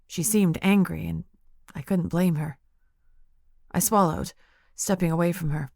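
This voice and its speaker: Woman audiobook narrator, kinda low voice, dry booth sound, calm storytelling. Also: a little slow, vocal fry, no room sound. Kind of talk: scripted first-person narration.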